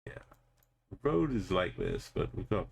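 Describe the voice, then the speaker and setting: Male streamer, low and gravelly, relaxed live-commentary delivery while playing. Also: moderate pace, slight background noise. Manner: thinks aloud, greets chat viewers. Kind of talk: casual live gameplay commentary.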